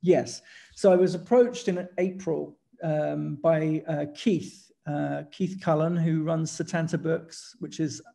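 An English man, a guest photographer in a casual conversation, chatting in an animated, storytelling way and laughing as he goes. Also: fairly high pitch, slow, gravelly. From England.

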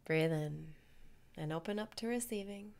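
A woman leading a guided meditation parody in a soft, calm voice that drifts into whispers. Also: fairly low pitch, normal speed, vocal fry.

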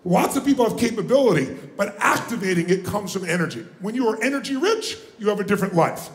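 A man giving a live motivational seminar, booming and exhorting, pushing the audience to shout answers. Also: expressive, fast talker. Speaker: motivational speaker. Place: large conference room with audience. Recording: echoey live room with faint noise.

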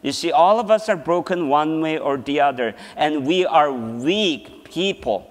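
A man's voice: a little high, lively intonation, unhurried. Man preaching in a reverberant hall. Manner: laughs often while telling a personal story. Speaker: seminar presenter. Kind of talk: storytelling sermon. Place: church hall.

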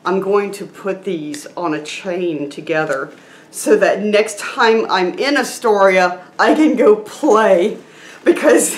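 A woman chatting to her viewers in an excited, gushing way, laughing often and sounding a little teary. Her voice is of middling pitch for a woman. The room is echoey, with a faint hum of ambience behind her. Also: measured pace. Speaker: vlogger. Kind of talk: casual vlog chat. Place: room at home with a noisy chair.

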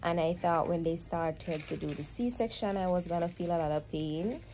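A woman's voice: lowish voice, steady tone, moderate pace, dark tone, slight background noise. A woman with a Jamaican accent chatting casually to camera as a vlogger, telling a story and slipping into patois. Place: hospital maternity room, in bed.

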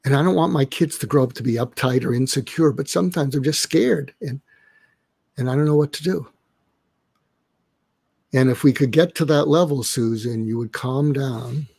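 An older man with a gravelly, slightly husky voice, heard close and dry. He speaks as a psychiatrist on a live online show. He walks through his ideas and acts out little dialogues to show them. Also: medium pitch, darkish tone, no echo. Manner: role-plays inner dialogue to illustrate. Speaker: psychiatrist guest. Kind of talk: conversational interview. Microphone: online live stream.

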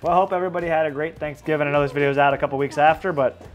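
A man's voice: on the high side, steady tone, racing, lo-fi sound, faint music behind. A man hosting a casual home cooking vlog, chatting easily and explaining each step as he cooks. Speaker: family fishing channel host. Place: home kitchen.

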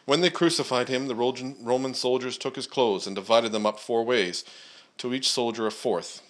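A man preaching at a church service, praying and then reading scripture aloud in a measured way, with frequent "uh" and "um" fillers. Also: medium pitch, a bit bright.

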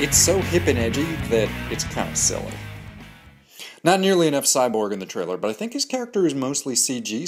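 A man hosting a comics analysis show, giving candid, opinionated reviews in a scripted monologue with dry jokes. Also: on the low side. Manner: candid, opinionated, dryly joking.

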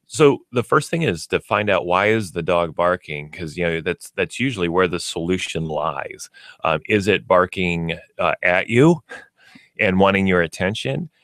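Low-voiced man explaining pet training. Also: expressive, normal speed, fairly bright tone, no echo, clean studio sound. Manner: explanatory, uses everyday examples and acts out pets. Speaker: pet store expert guest. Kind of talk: radio talk show. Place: radio studio.

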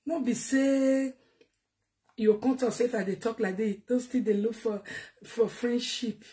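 A Nigerian-accented woman rants straight at her viewers in a fairly high voice. She scolds, repeats her points and drops in Yoruba phrases as she talks. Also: fairly even intonation, a little slow, dark tone. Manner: ranting, scolding, repetitive, mixes in Yoruba phrases. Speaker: online commentator. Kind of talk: heated monologue to viewers.

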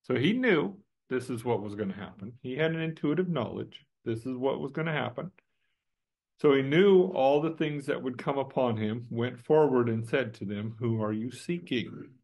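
A man's voice: medium pitch, animated, normal speed, darkish tone. A man teaching through a Bible passage verse by verse, conversational and emphatic, posing rhetorical questions to his listeners.

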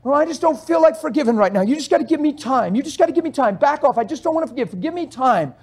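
A male pastor preaching a sermon with fiery intensity, swinging from quiet talk to shouting. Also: extremely high pitch, animated, fast.

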